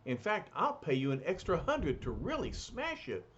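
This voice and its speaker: A brisk, pompous, eccentric art dealer talking in formal phrases, as a man reading a comic puts him on. His voice rides high and lively. The sound is muffled with faint hiss.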